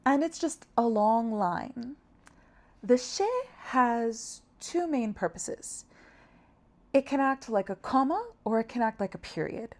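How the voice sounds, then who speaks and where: A young woman teaching a language lesson, patient and encouraging, sounding out syllables slowly. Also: on the high side, expressive, darkish tone. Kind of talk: friendly scripted lesson.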